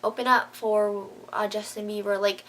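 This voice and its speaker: A woman's voice: mid-range voice, flat delivery, normal speed, a little hiss or hum. A woman vlogger chatting casually to camera, gushing and filling her talk with "like". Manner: gushing, says "like" a lot.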